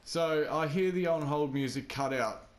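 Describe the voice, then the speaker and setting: A man with a slightly high voice chats casually as he plays a game. He tells his story in a rambling, self-deprecating way and drifts off on tangents. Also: unhurried. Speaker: gaming vlogger.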